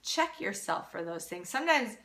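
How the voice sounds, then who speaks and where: A woman's voice: medium pitch, big pitch swings, moderate pace, creaky, a bit bright. A woman who is a parenting coach, hosting a live Q&A and talking in an earnest, encouraging way, often restarting her sentences. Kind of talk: casual live-stream Q&A talk.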